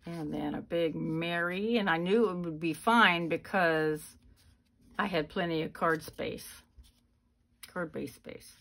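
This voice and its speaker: A woman hosting a craft channel, giving a chatty, unhurried show-and-tell of her handmade cards. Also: fairly low pitch, gravelly, a bit bright. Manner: chatty, unhurried walk-through. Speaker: card-making channel host.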